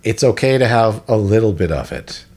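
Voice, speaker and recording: A man's voice: lowish voice, expressive, normal speed, a little mellow, husky. A man co-hosting a podcast in casual chat, opinionated and rambling with restarts. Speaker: podcast co-host.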